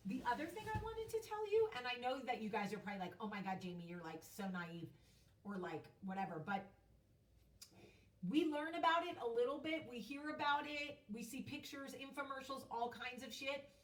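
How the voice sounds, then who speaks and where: A woman's voice: sits high, animated, fairly quick, distant mic. A woman hosting a casual vlog, telling a story in a chatty, emphatic way with some casual swearing. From United States. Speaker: host. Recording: echoey room, voice off-mic.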